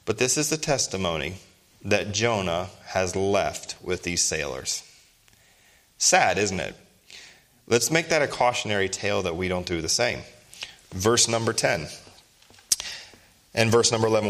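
Emphatic male preacher, lowish voice. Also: lively intonation, unhurried, pauses often, fairly bright tone. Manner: emphatic, asks rhetorical questions. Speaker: pastor. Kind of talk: sermon.

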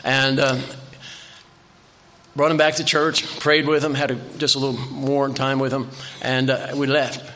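A man's voice: medium pitch, flat delivery, measured pace, a bit bright, a little hiss or hum. An older man preaching a sermon in a church, telling folksy stories and repeating phrases for emphasis. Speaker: visiting preacher.

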